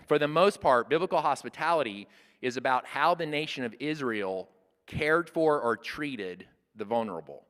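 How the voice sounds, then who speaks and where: A man in his sixties teaches in an earnest, plain-spoken way, sometimes restarting a phrase mid-thought. His voice sits at a middle pitch for a man. A long hall reverb trails after his words. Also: fairly bright tone. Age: 60s. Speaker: church workshop speaker. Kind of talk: conversational teaching talk.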